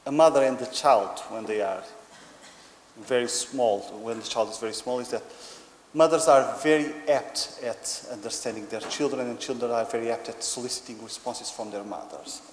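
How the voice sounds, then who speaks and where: A man with a Portuguese accent and a mid-range voice gives an academic lecture in a conference hall at a moderate pace. He explains hesitantly with many ums, and the recording is echoey with faint noise.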